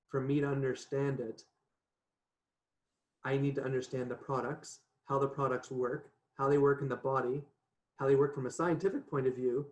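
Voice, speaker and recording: Chatty man telling a story, echoey room. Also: medium pitch. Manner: chatty, animated, laughs often, says "right?" a lot. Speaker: podcast guest. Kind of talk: casual storytelling.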